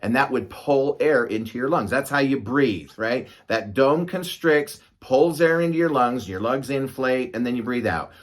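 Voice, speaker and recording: A man's voice: mid-range voice, moderate pace, few pauses. Middle-aged male physician, casual explainer who is talky and checks in with listeners. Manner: conversational, asks "right?" often, gestures to demonstrate. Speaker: doctor explaining medicine.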